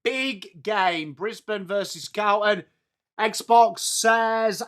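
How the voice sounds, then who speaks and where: An English man hosts a live football watchalong, greeting his chat one name after another. His voice sits high and comes across bright and forceful, with the cheery, running patter of a regular streamer. It is starting to wear a little hoarse. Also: takes it slowly. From England. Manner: chatty, upbeat, greeting viewers by name. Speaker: livestream watchalong host.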